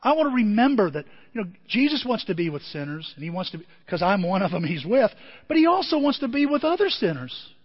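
Husky high-pitched male pastor, dull lo-fi church recording, animated sermon delivery. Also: fast, big-room sound. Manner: animated, jumps to loud high emphasis and drops to quiet asides.

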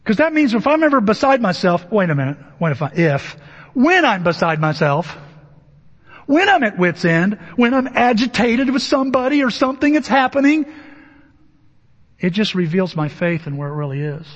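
A man with a very high, husky voice delivers a sermon in an easy, joking tone and slips into the voices of Bible figures as he goes. His pitch leaps around freely. The recording is dull and muffled, with a long reverb from a large church. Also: sing-song. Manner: conversational and humorous, acting out Bible figures in quick asides. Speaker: pastor. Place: church sanctuary.

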